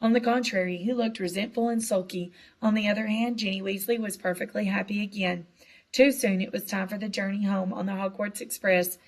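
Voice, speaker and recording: A woman narrating a children's novel with a lively, expressive reading. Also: medium pitch, brisk. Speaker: audiobook narrator. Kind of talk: storybook narration.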